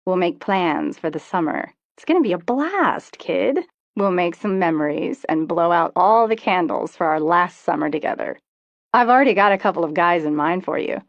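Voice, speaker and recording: Woman reader doing a loud, teasing teen girl, blunt and crude, dry dull sound. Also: on the low side, animated, normal speed, no echo. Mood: pushy.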